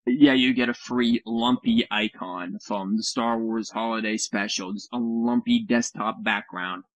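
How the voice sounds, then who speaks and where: A man's voice: lowish voice, steady tone, unhurried, a bit bright, no echo, dull audio. Sarcastic man with a dry close sound. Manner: sarcastic, mocking with silly put-on voices, swears. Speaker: podcast co-host. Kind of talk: casual chat over a call. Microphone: computer mic on a voice call.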